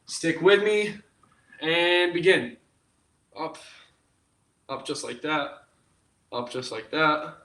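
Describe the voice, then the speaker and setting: Young man, fitness instructor, bright voice, echoey room, far from mic. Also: a little high, slight background noise. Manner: upbeat, jokey, counts down reps. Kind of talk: live workout class coaching.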